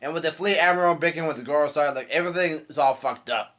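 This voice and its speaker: A young man reacting casually on the spot, halting often with fillers and restarts and swearing in surprise. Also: a little high, a bit bright. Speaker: manga reaction host. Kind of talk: casual live reading and reaction.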